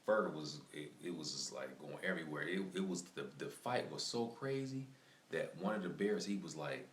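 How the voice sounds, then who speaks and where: A man's voice: low-pitched, animated, moderate pace. A man live streaming, telling a story in a casual, rambling way, repeating himself and filling his talk with "like" and "man.". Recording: echoey room with faint ambient noise.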